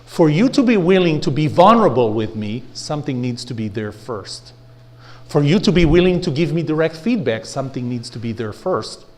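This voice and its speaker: Male lecturer before a live room, higher-leaning voice that swings widely in pitch; blunt, gets the crowd to repeat lines. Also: moderate pace. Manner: animated, has the audience repeat phrases; rhetorical questions, blunt. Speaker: leadership lecturer.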